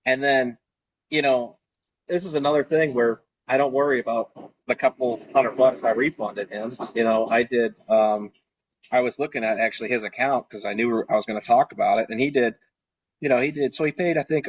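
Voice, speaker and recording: A man's voice: mid-range voice, moderate pace, dull audio. Man telling a story on a video call. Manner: animated, acts out his own quoted lines. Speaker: party rental business owner.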